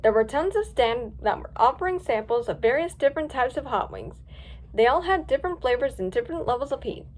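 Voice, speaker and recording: A woman reading a story aloud with plenty of lift. Her voice is high and moves up and down a lot as she brings the scenes to life. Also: fairly quick. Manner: lively, expressive reading. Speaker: story reader.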